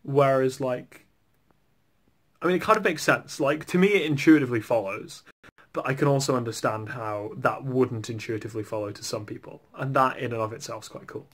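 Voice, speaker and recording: A young English vlogger chats casually and ramblingly for his video, dropping "like" into nearly every phrase. He has a mid-range voice and a brisk pace.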